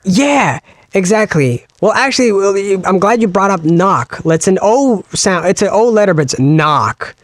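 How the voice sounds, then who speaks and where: A man co-hosting a podcast in casual chat, explaining at length and slowing down to spell out sounds. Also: high voice, animated, no echo. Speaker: podcast co-host.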